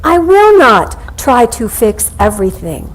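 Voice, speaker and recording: A woman minister delivers a sermon as if chatting with her congregation, weaving in personal stories. Her voice sits a little high. She slows down and pauses deliberately on her key points. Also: very animated, low-quality recording. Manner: conversational, anecdotal, with slow deliberate pauses.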